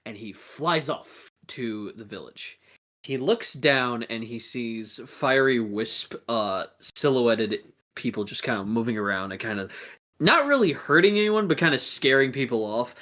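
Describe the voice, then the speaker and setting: A man's voice: medium pitch, measured pace. Casual man narrating a tabletop game. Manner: animated, casual with many fillers. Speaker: game master.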